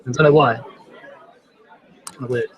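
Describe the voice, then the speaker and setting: A man's voice: mid-range voice, steady tone, normal speed, highs cut off, a faint crowd. A man telling a story in a casual pub chat, rambling and unsure of details. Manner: rambling, full of fillers and restarts. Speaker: guest.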